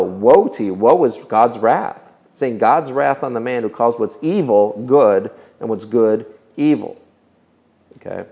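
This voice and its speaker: A man's voice: on the low side, vocal fry, darkish tone. A man preaching a sermon, earnest and emphatic, asking his listeners rhetorical questions. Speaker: pastor.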